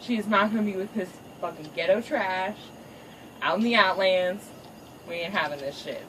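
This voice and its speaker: A woman doing a gruff, bossy lion king dad. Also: mid-range voice, normal speed, fairly bright tone, a little hiss or hum, pitched below the performer's own voice, close to an everyday voice, poor audio. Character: stern overprotective lion king father, adult male.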